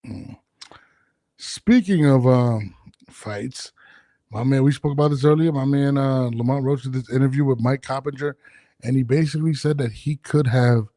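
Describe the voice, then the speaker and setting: A man's voice: mid-range voice, moderate pace, dark tone, dry recording. A man hosting a podcast, talking bluntly and grumbling with frequent swearing. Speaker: podcast host. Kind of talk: casual chat.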